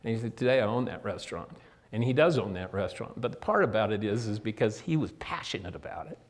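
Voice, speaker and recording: A man's voice: lowish voice, animated, fast talker. Older man telling folksy recovery stories. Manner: folksy storytelling, acts out quoted dialogue; direct address to listeners. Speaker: guest speaker. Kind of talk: motivational talk to inmates. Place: prison meeting room.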